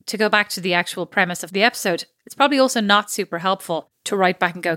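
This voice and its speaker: A woman's voice: mid-range voice, fast, few pauses, bright, forceful tone, dry recording, studio quality. A woman co-hosting a podcast in casual chat, who rambles and laughs at her own jokes. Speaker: podcast co-host.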